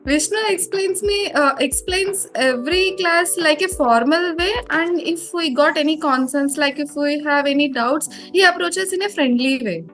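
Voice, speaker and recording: A young woman with an Indian English accent speaks in a high voice, hesitating often with fillers as she answers questions. Soft music plays faintly under her. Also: moderate pace, hardly any pauses. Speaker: former student interviewed. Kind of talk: casual interview.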